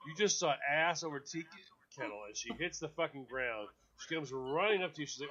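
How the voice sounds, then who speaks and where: Male co-host, casual banter, animated storyteller with a bright, lively delivery and frequent swearing. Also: a little high, fairly quick, hardly any pauses, slight background noise. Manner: animated storyteller, acts out a dog's voice, swears freely. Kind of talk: casual radio chat.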